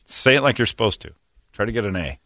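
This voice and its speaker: A man with a fairly low voice that swings widely in pitch, joking and laughing through casual banter. He mangles Spanish phrases for laughs. The sound is dry and close. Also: lively intonation, fast talker, fairly bright tone, dry recording.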